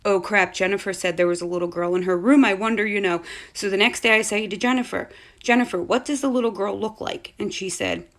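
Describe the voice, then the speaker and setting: A woman, a mother, telling a spooky story about her young daughter in a chatty, animated way. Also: mid-range voice, a little fast, hardly any pauses. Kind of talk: casual storytime.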